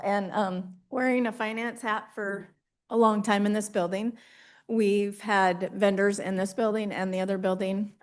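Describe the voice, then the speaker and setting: A woman county official speaking at a public meeting, out of breath and hesitant, with many ums and restarts. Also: mid-range voice.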